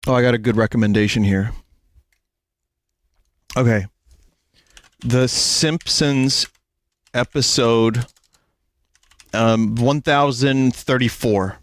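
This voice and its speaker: A man streaming live, reading text aloud in a slow, amused deadpan with laughing asides, on a close desk mic at home. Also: medium pitch, no room sound.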